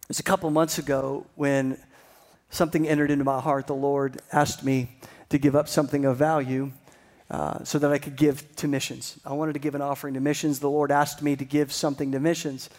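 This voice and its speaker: A pastor telling a personal story in a sermon, building to excited emphasis. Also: male voice, on the high side, fairly quick.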